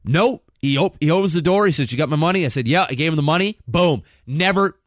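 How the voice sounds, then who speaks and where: A man in his thirties telling a story on a podcast, animated and full of swearing. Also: on the high side, brisk, no room sound, clean studio sound. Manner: animated, swears a lot, acts out quotes. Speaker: podcast co-host. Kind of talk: casual storytelling.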